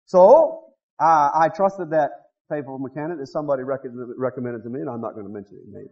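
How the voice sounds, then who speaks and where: A middle-aged man preaching a revival sermon, folksy and full of rhetorical questions, swinging from loud shouts to low muttered asides. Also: lively intonation, a little fast. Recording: dull lo-fi recording.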